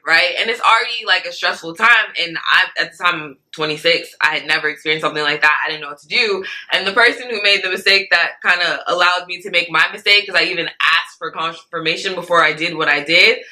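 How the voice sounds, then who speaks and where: A young woman with a very bright, sharp voice tells a story as an interview guest. She is animated, acts out what other people said, and keeps checking in with "right?" and "like". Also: on the low side, a little fast, low-quality recording. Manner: animated, acts out quoted speech, many "like" and "right?" fillers. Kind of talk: casual storytelling.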